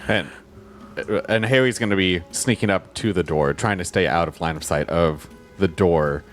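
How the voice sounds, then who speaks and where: Deep-voiced man playing a tabletop game. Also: moderate pace, soft background music. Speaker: player. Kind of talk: tabletop game play, casual chat.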